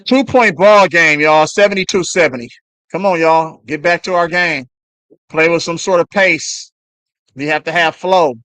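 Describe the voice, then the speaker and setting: A man calling a basketball game live as a fan on a stream, swearing and yelling at the players between play-by-play. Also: a little high, moderate pace, no echo. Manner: excited, profane trash talk at players. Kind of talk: fan play-by-play watch-along.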